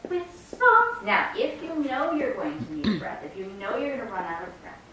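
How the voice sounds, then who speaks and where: A woman's voice: medium pitch, very animated, fairly quick, a crowd in the background. A woman choir director explaining rhythm and breathing to singers and singing example phrases. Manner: explains and sings demonstration phrases. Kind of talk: choir rehearsal instruction. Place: rehearsal room. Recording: echoey room from far off, faint ambience.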